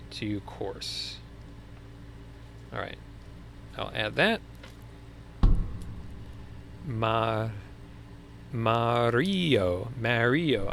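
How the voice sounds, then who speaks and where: A man's voice: fairly low pitch, sharp tone, a little hiss or hum. A young man with a Long Island accent, hosting a casual live Q&A stream and chatting loosely with viewers. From Long Island, New York. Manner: chatty, laughs easily, restarts often. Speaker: livestream host answering viewer questions.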